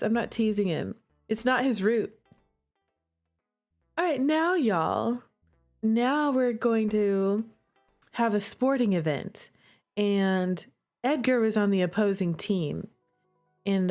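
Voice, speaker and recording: A woman's voice: on the high side, a little mellow. Playful young woman streamer, dramatic. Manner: dramatic, playful, lots of laughs and gasps. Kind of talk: playing a visual novel on stream.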